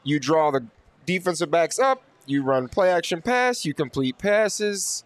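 A man's voice: fairly high pitch, sing-song, measured pace, dry recording. Blunt male sports co-host. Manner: blunt, casual, swears. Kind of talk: postgame sports talk.

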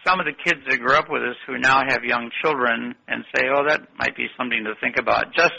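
Older guy, gravelly voice, rambling stories, keeps restarting his sentences. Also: mid-range voice, quick pace, pushed and bright, muffled recording. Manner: rambling, anecdotal, self-correcting. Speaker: guest. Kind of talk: interview storytelling.

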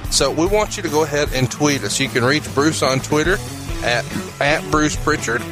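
A man's voice: fairly high pitch, moderate pace, music in the background, poor audio. A man hosting a podcast, upbeat and promotional as he steers the conversation and wraps up the show. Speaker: podcast host.

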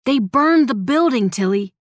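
A woman voicing a young man delivering terrible news breathlessly, in a loud, urgent street-slang delivery. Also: high voice, animated, a little slow, no room sound, studio quality, pitched above the performer's own voice.

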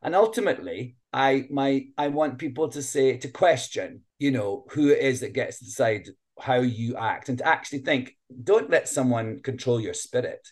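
A man's voice: medium pitch, normal speed, few pauses. A man in his late fifties, a guest performer, musing chattily in an interview over a video call, often laughing. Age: 50s. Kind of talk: casual interview chat.

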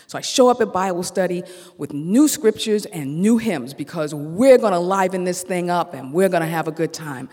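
A storyteller on a theater stage, telling a personal story with animated energy and acting out each exchange of dialogue. The voice carries a long hall reverb, and its pitch sits in the middle of the usual range. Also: normal speed.

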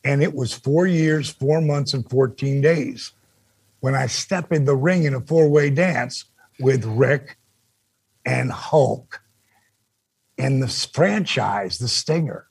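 An older man, a former wrestler, telling stories as a guest on a casual podcast. He is animated and swears freely. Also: mid-range voice, takes it slowly, creaky, slightly rough, no echo. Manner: animated, swears freely, acts out quoted dialogue.

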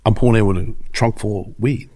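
A man's voice: on the low side, fast. A middle-aged man, telling stories as an interview guest in a profane, cocky way. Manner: profane, cocky, animated storyteller. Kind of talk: casual storytelling.

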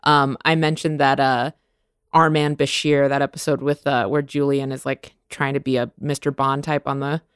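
A woman's voice: a bass voice, level tone, moderate pace, smooth, no echo, studio quality. A woman co-hosting a podcast, chatting casually and reacting with enthusiasm. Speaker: podcast co-host. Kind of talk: casual chat.

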